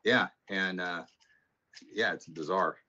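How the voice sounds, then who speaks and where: A math instructor with a very low, deep voice drifts through casual, rambling stories before easing into explaining the material. The audio is muffled and lo-fi, like an online class recording. He sounds relaxed and conversational. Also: slow. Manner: rambling anecdotal storytelling. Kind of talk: casual classroom talk and lecture.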